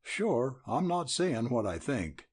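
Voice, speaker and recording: A man's voice: mid-range voice, very animated, takes it slowly, slightly rough, exaggerated voice. A man doing a drawling frontier cowboy. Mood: laconic. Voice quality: cool drawl, frontier grammar. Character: laconic male frontier cowboy.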